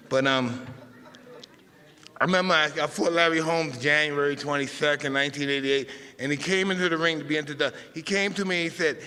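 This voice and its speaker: Give me a fifties man telling a live story in a slightly high voice, with reverb from a large hall. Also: fairly even intonation, brisk, sharp tone. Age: 50s. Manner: rambling, emotional, self-interrupting.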